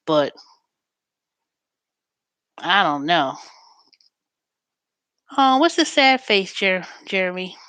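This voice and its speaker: A woman hosting a show in a chatty, storytelling way, turning animated when she quotes callers. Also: on the low side, extremely slow, long pauses, no room sound. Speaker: host. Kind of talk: casual chat.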